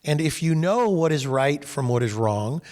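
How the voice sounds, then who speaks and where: Speaking at a normal pace, this fairly high-pitched man from California recounts a personal experience while guiding a faith discussion group. He brings the quoted people to life, and his voice trails off in a long reverb.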